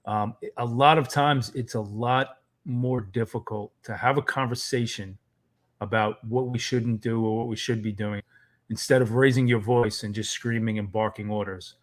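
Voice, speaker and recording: A man in his thirties co-hosting a live fatherhood Q&A, speaking in a reflective, easygoing way with frequent pauses to think. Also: mid-range voice, steady tone. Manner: reflective, many "um" fillers, easygoing. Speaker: co-host, fatherhood coach. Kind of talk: live Q&A advice talk.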